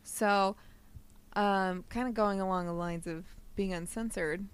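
A woman's voice: medium pitch, fairly even intonation, smooth. Woman, podcast host, giggly, playful, casual chat. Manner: giggly, playful, quick to laugh.

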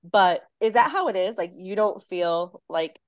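A woman hosting a casual interview, her questions wandering and full of hesitations. Her voice sits at an ordinary middle pitch. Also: expressive, a little slow.

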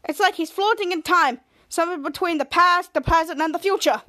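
A woman reading a nervous male inventor's lines in a slow, fretful way while recapping a TV episode. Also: very high-pitched, bright, forceful tone.

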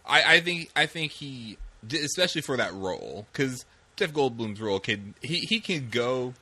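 A young man hosting a podcast with a bright, forceful voice that rises and falls freely. He talks in a playful, chatty way and laughs easily. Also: mid-range voice, normal speed, husky. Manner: playful, laughs often, animated. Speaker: podcast host. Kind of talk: casual chat.

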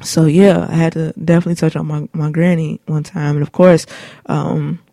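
A woman's voice: sits low, level tone, moderate pace, warm tone, dry recording, clean studio sound. A woman in her late twenties hosting her own show, telling personal stories in a laid-back, rambling, slangy way with many fillers. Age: late 20s. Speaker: show host. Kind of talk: casual personal storytelling. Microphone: studio mic.

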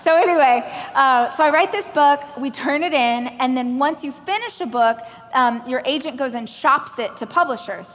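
A woman from Oklahoma giving a keynote speech on a large stage, telling stories with animated, self-deprecating humor. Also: sits high, moderate pace. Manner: animated storytelling, acting out other people's lines. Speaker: motivational speaker. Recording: reverberant hall from a stage.

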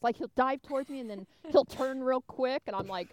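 A woman telling an exasperated, animated story in casual chat as a podcast co-host. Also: sits high, normal speed, few pauses, no echo.

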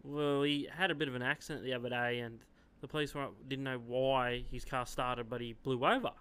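An Australian man chatting as a podcast guest. His voice is smooth and clear at a middle pitch. He answers in short, easygoing replies. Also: fairly even intonation, a little fast, fairly bright tone. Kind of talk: casual chat.

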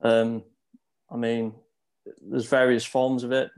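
Middle-aged British male guest, gravelly and flat in delivery, relaxed and halting chat. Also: medium pitch. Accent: British English. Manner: laid-back, hesitant, many fillers. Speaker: podcast guest. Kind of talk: casual podcast chat.

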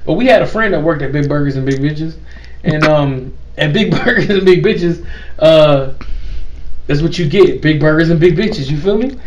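A man's voice: fairly high pitch, expressive, moderate pace, a little mellow, rough recording. A man hosting a casual chat and telling a story in a loose, laughing way, acting out the people in it. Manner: loose, laughing retelling with playacted quotes. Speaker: host. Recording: faint noise, set back from the mic.

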